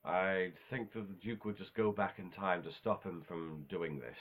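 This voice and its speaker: A man's voice: deep voice, brisk, hardly any pauses, fairly bright tone. A man talking in a casual, unscripted monologue, rambling offhand with self-corrections and casual swearing. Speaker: video host ranking game villains.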